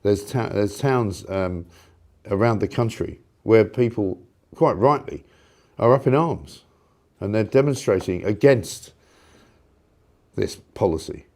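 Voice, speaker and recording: A middle-aged man, hosting a talk show and ranting with indignant sarcasm and loud rhetorical questions. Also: lowish voice, slow, long pauses. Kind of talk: opinionated ranting monologue.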